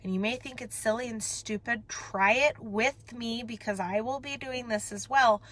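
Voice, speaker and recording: A woman vlogger sits in a parked car, chatting candidly and emotionally with her viewers in a confessional way. Her voice is on the high side and a bit bright, at normal speed, and she rambles and breaks off mid-thought.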